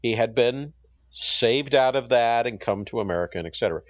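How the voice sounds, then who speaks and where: A man's voice: medium pitch, brisk, no echo, muffled recording. A man co-hosting a podcast in playful, ironic banter who laughs easily. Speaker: podcast co-host.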